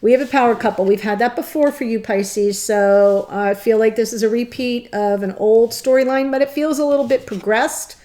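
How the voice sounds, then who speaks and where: A woman's voice: a little high, moderate pace, few pauses, dark tone. A woman giving a tarot reading to camera, gushing and tearful, laughing through her emotion. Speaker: tarot reader.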